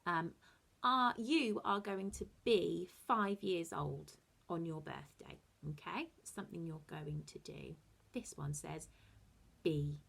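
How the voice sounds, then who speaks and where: A woman teaching a phonics lesson to young children, encouraging them with slow, sing-song explanations and soft asides. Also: lowish voice, vocal fry, breathy edge. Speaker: early-years teacher.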